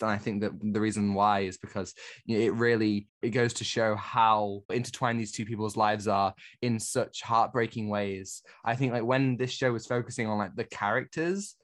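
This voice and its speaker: A man's voice: fairly low pitch, fairly bright tone. A man co-hosting a podcast, talking through a television series in a casual, enthusiastic review chat. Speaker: podcast co-host.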